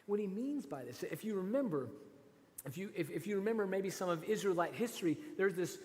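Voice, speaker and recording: Brief: male pastor, lively swooping high voice, chatty sermon in a reverberant church hall. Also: a little fast. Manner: animated, conversational, rhetorical asides.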